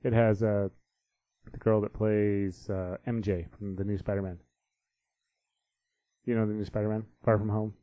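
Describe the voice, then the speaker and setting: A man's voice: fairly low pitch, little pitch movement, normal speed, long pauses, dry recording, narrow, tinny audio. A man hosting a casual chat who explains things and steers the talk.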